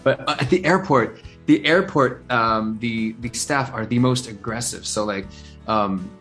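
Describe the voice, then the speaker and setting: Guy telling a story all animated, lots of uh and um, soft music underneath. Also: mid-range voice, measured pace. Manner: animated storyteller, many fillers and restarts. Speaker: interview guest, singer-songwriter. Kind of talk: casual phone-style chat.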